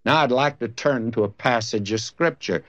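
A man's voice: mid-range voice, normal speed, a bit bright. A man preaching a sermon, telling a story conversationally and acting out both sides of a dialogue before reading scripture. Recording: dull lo-fi recording.

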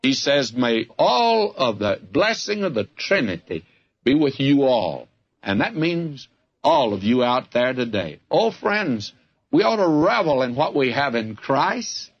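An older man with a Southern US accent preaches a folksy, fervent radio sermon as a Bible teacher, repeatedly addressing the listener as "friend." His mid-range voice is sing-song and a little slow, and the recording has its highs cut off.

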